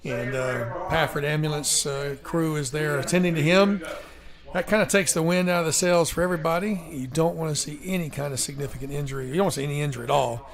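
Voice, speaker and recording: A man calling a high school football game play by play in a folksy, emotional way, breaking into excitement on big plays. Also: quick pace. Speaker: play-by-play commentator. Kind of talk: live local sports commentary. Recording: crowd noise behind.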